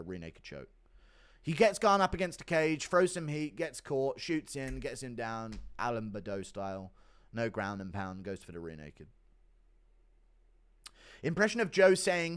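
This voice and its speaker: A man's voice: medium pitch, smooth. A man hosting a casual livestream who reads out donations and answers questions in a blunt, profane, offhand way. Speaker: livestream host.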